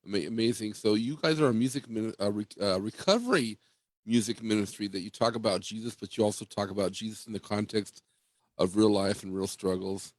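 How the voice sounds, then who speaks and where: A man hosts a relaxed interview with a low, easy voice. He keeps things friendly and laughs often. The sound is close and dry, with no room around it. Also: a little fast, no room sound. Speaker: host. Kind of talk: casual interview.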